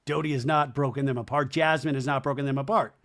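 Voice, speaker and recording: A man hosting a podcast, recapping a reality show in a chatty, animated way. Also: mid-range voice, fast talker. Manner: chatty and animated, lots of "like" and asides. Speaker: podcast host.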